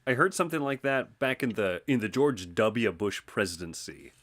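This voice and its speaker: A man's voice: on the low side, animated, normal speed, fairly bright tone. A man co-hosting a casual online game chat, telling jokes with stammering restarts. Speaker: podcast co-host.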